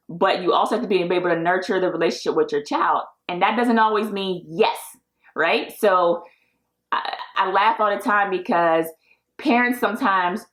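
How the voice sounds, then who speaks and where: A woman in her thirties hosting a podcast, talking casually in an upbeat, encouraging way and laughing often. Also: mid-range voice. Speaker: podcast host. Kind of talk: casual solo podcast talk.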